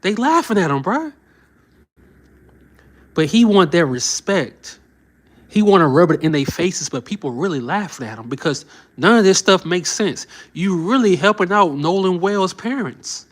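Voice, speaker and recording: Man, mocking reaction host, laughs a lot, slightly high voice, bouncy intonation. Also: expressive, moderate pace. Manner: mocking, laughs often, slangy. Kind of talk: casual reaction commentary.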